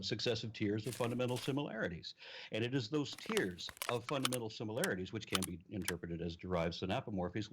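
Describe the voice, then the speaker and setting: A man's voice: on the low side, background noise. A man in a debate, explaining technical points and pressing his opponent with repeated questions. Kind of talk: debate argument.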